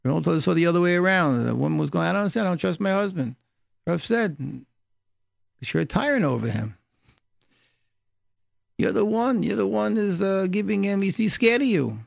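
Gravelly, dry-voiced rabbi telling stories. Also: male voice, high voice, dry recording. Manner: storytelling, repeats key phrases for emphasis. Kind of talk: informal Torah class.

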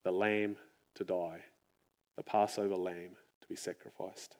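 A man preaching a sermon in an earnest, reflective way, often dropping his voice to a near-hush. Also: low-pitched, flat delivery, unhurried.

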